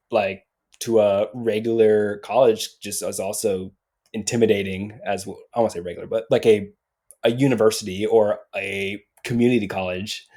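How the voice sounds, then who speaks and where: A man's voice: fairly low pitch, dark tone. A man speaking as a podcast guest, reflective and thoughtful, often repeating words as he works out his point. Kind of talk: casual podcast chat.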